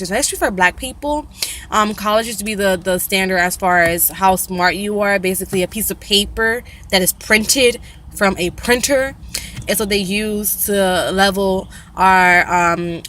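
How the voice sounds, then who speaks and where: A young woman talking casually to camera in her own vlog, animated and opinionated, often restarting with fillers. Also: medium pitch, a little hiss or hum. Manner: animated, mimics slang in a raised voice. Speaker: vlogger.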